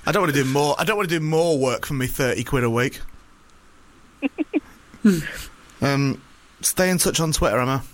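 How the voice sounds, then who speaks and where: A man's voice: fairly high pitch, animated, unhurried, long pauses. A man co-hosting a radio show, laughing in disbelief, exasperated and swearing. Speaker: radio co-host. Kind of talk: casual radio banter.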